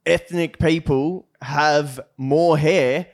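A man with a voice that sits a little high, hosting a loose podcast chat. He rambles, trips over his own restarts, and keeps the banter rolling. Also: fairly even intonation, drawn-out words, vocal fry. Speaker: podcast host.

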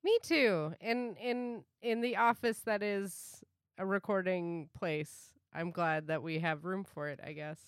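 A woman co-hosting a casual comedy podcast from a home office, playful and quick to giggle. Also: fairly low pitch, steady tone, clean tone, no room sound, studio quality. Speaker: podcast co-host and producer.

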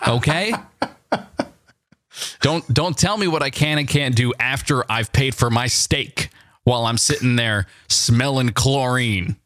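A man's voice: medium pitch, unhurried, fairly bright tone, no room sound, studio quality. Teasing male podcast co-host. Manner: teasing, playful, mock indignant. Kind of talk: casual podcast chat.

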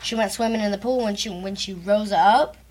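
A woman's voice: medium pitch, a little fast, darkish tone. A young woman from Texas, co-hosting a podcast and retelling a story in casual chat, with lots of fillers. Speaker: podcast co-host, host's daughter.

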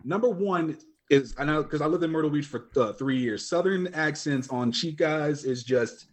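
A man's voice: a little high, normal speed. A man talking as a guest on a casual podcast, chatty and easygoing.

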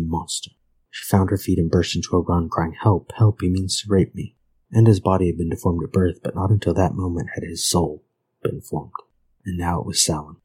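A man reading a grim old folk tale aloud in a measured, grave manner. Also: low-pitched, darkish tone, slightly rough, poor audio. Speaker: narrator.

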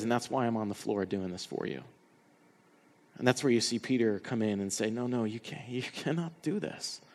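A man preaching a passionate sermon as pastor, dropping to hushed tones for quoted words. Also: a little high, in a large hall.

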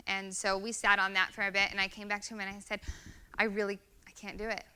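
A woman's voice: medium pitch, flat delivery, fast talker, sharp tone, clean tone. A woman in her thirties giving an earnest, conversational sermon with many fillers. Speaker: guest speaker.

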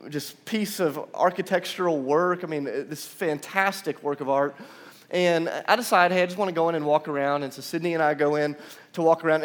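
A young man preaching a conversational sermon in a large church room, telling stories with casual asides. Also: fairly high pitch. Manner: animated storytelling, casual asides. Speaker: pastor. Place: large church room with about seven hundred seats.

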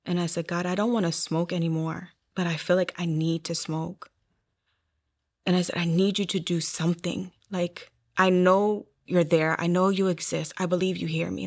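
A woman's voice: on the low side, normal speed. A young adult woman telling her personal testimony in an interview, earnest, acting out what others said. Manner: earnest storytelling, acting out quoted voices. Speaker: guest sharing her testimony.

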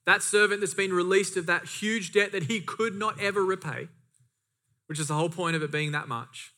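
Bright-voiced preaching man. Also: high-pitched. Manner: preaching with emphatic repetition and asides. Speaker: pastor. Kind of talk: sermon.

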